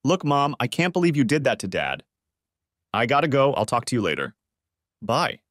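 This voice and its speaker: A man voices a shocked, upset grown son, pitching it above his own natural voice. The delivery sits mid-range with big pitch swings, a moderate pace and a fairly bright tone, in a dry, clean studio recording.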